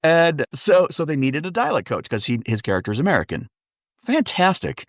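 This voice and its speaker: Animated male storyteller from Wisconsin. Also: on the high side, quick pace, no echo, studio quality. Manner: animated, comic storyteller, fond of voices. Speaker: dialect coach, guest. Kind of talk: casual interview storytelling.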